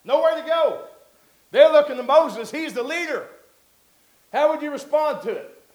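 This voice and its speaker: High-voiced preacher in an echoey hall. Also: male voice, animated, moderate pace. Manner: conversational preaching that builds to loud emphatic peaks. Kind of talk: sermon.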